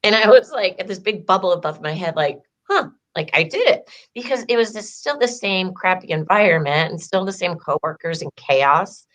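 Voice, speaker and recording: With a lowish voice, she speaks fairly quickly and with few pauses. She's an empowerment coach recounting her story in an informal interview, chatty, heavy on "like," and dramatizing quoted dialogue.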